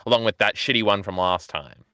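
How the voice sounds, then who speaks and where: A man's voice: fairly low pitch, a little fast, pushed and bright, smooth, no room sound, studio quality. A man co-hosting a casual movie chat, heaping playful mock-grand praise and teasing his friend, with some swearing. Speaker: podcast co-host.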